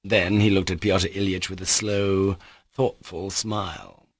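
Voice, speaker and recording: Low-voiced male audiobook narrator. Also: fairly even intonation, a little slow, no room sound, clean studio sound. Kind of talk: scripted narration.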